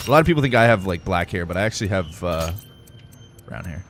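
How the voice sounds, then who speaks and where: A man's voice: sits low, big pitch swings, fast, a bit bright, a little hiss or hum. A young man casually chatting while he streams a game, rambling and laid-back, full of "like" and "dude". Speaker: gaming streamer. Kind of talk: casual chat while playing.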